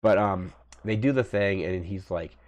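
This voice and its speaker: A man with a notably deep, low voice recaps a movie in a loose, rambling way. He keeps circling back with filler words and restarts as he retells the plot. He sounds like a casual channel host talking straight to his viewers. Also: a little slow, a little mellow.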